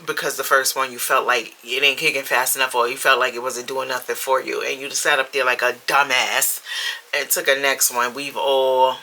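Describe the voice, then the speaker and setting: Chatty woman vlogger with a bright tone. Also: rumbling low, flat delivery, normal speed, rough recording. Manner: chatty, laughing, playful asides to viewers. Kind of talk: casual chat to camera. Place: home room with the heat running.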